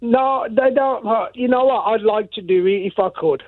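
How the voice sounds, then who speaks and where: A man's voice: sits high, normal speed, no room sound. Rambling man calling in by phone. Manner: rambling, hops between topics. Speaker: caller who runs a chip shop. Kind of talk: radio phone-in chat. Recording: tinny phone line.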